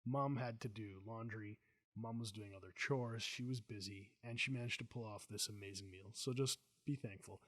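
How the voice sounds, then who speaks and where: A middle-aged man hosting a casual chat, telling animated, jokey stories. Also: fairly low pitch, normal speed, no echo. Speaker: host.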